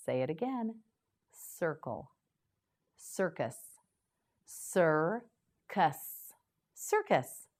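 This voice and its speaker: Female English teacher, slow vocabulary drill, lower voice, very slow pace. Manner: very slow, repeating words for the learner to echo.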